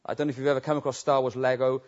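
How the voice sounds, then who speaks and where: A man preaching a sermon, telling stories that swell into loud, emphatic peaks. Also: mid-range voice, little pitch movement, rapid-fire. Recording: dull lo-fi recording.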